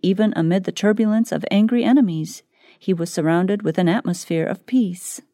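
A woman reading a devotional book aloud in scripted narration, slow and measured. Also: medium pitch, warm tone, no echo, clean studio sound. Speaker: audiobook reader.

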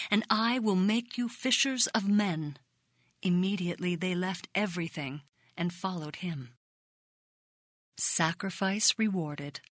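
A woman narrating a devotional book in a steady, measured reading voice that includes scripture citations. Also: mid-range voice, no room sound, studio quality. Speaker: audiobook reader.

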